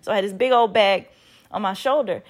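A woman's voice: mid-range voice, fairly quick. A woman in her thirties telling a story in a casual vlog, rambling with lots of "like" and restarts, and swearing freely. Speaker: vlogger.

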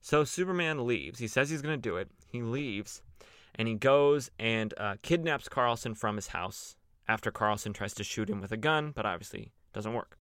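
A man's voice: medium pitch, animated, moderate pace, fairly bright tone, smooth, no room sound, studio quality. A young man casually retelling a comic story as a podcast host, loose and chatty with lots of fillers. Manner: loose and chatty, many fillers, playful voices for quoted characters. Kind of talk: casual comic recap with acted quotes.

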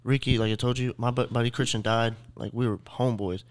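Young male podcast guest, mid-pitched, halting and slangy. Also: fairly even intonation, smooth. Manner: halting, restarting, slangy and candid. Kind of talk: casual podcast chat.

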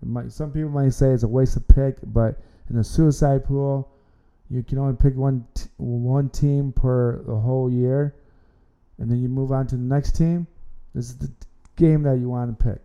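A man's voice: mid-range voice, fairly even intonation, moderate pace, mellow, clear, resonant tone. A man hosting an amateur sports podcast, talking casually and rambling, often repeating words and restarting his sentences. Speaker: podcast host.

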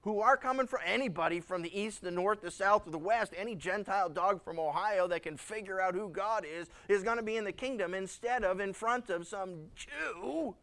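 A male pastor preaching a sermon, acting out scenes in lively, dramatic voices. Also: high-pitched, normal speed, hardly any pauses. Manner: animated, acts out dialogue.

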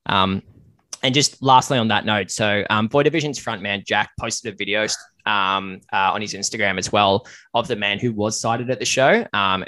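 A man's voice: on the low side, sharp tone, no room sound. A man hosting a casual podcast chat, earnest on serious points and joking with his guests. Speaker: podcast host.

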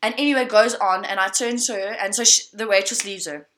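A woman's voice: medium pitch, fairly quick. A woman guest in a casual chat, telling a story dramatically and talking to the audience directly. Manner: animated, dramatic, talks to the audience as "guys".

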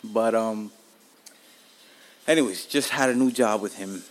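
A man's voice: fairly low pitch, measured pace. A man hosting his own podcast from home, telling stories casually and animatedly with plenty of swearing. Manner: animated, profane, laughs at himself. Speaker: podcast host.

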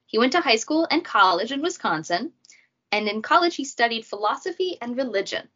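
A woman's voice: a little high, lively intonation, brisk, bright, forceful tone. A woman hosting a casual true crime podcast, chatty and jokey, with asides. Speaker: podcast host. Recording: dull lo-fi audio.

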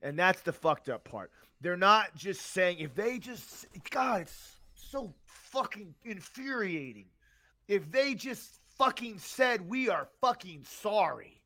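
A high-pitched man with a sharp tone and big swings in pitch takes his time, ranting slowly. He co-hosts a podcast out of Tampa, Florida, and this heated rant is angry, emphatic and heavy on profanity.

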